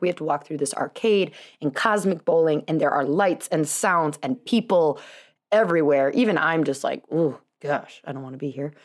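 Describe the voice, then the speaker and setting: Chatty woman podcast host, lowish voice. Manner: chatty, self-deprecating, laughs often. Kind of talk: casual storytelling monologue.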